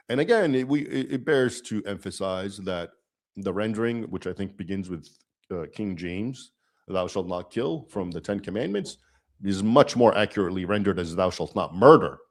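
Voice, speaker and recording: A man's voice: fairly low pitch, a little mellow. A man hosting a livestream, explaining in a lecturing manner and often checking in with "okay?". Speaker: livestream host.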